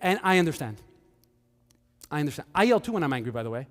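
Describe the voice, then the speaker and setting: A man preaching a sermon as pastor, animated, with joking asides and acted-out quotes. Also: fairly high pitch, fast, in a large hall.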